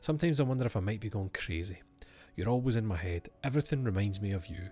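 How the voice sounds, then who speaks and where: A man's voice: fairly low pitch, expressive, quick pace, darkish tone, soft background music. A man streaming a game, reading its letters aloud and breaking off for wry asides to himself.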